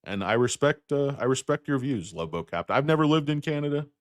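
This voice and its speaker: A man hosting a stock market livestream, ranting bluntly and profanely while answering chat, with loud outbursts and low muttered asides. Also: animated, a little fast, no room sound, studio quality.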